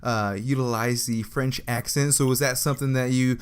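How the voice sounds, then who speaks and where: A man's voice: medium pitch, fairly even intonation, normal speed, smooth. A man hosting a podcast interview, asking his questions hesitantly with many fillers. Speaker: podcast host.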